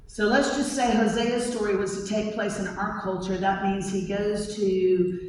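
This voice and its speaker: A woman's voice: medium pitch, a little hiss or hum. Woman preacher, humorous storytelling sermon, distant and echoey in a conference hall. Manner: lively, humorous, conversational.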